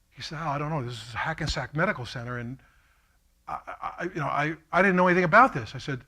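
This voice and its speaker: A middle-aged man, giving an impassioned keynote speech as a story, acting out the voices of others and moving from hushed to fervent. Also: mid-range voice, quick pace. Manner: animated, quotes himself and others, swings from hushed to fervent. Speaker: keynote speaker. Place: lecture hall at a college.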